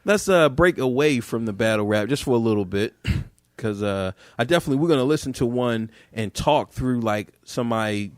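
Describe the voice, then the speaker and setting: A man's voice: medium pitch, animated, a little fast, hardly any pauses, no room sound, clean studio sound. A man from Baltimore hosting a podcast, chatting in an easygoing way and laughing often. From Baltimore, USA. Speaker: podcast host. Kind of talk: casual podcast interview.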